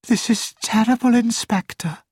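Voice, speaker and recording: A man's voice: unhurried, darkish tone, slightly rough, no room sound, studio quality, exaggerated voice. A man reading aloud as a middle-aged female school matron, upset but keeping control, in a raised light voice. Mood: distressed. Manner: shaken but composed, high light voice.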